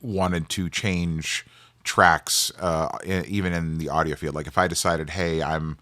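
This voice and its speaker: A man's voice: sits low, steady tone, measured pace, sharp tone, dry recording, studio quality. A man in his forties, a game sound designer, answers viewer questions in a loose, casual way with lots of ums and restarts, and coughs now and then from allergies. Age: 40s.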